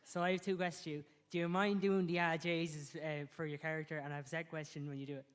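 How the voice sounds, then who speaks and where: Quick, eager Irish man asking questions. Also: a little high, little pitch movement, clear, resonant tone. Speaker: audience member asking questions. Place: convention auditorium, floor mic.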